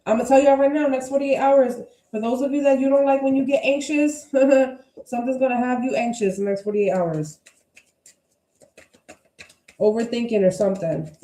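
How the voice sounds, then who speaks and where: A blunt, outspoken woman doing a casual tarot reading, cursing freely as she makes her points. Her voice sits a little high but sounds mellow and soft-edged. The room around her is echoey. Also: fairly even intonation, moderate pace. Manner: blunt, profane and emphatic. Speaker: tarot reader. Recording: roomy echo.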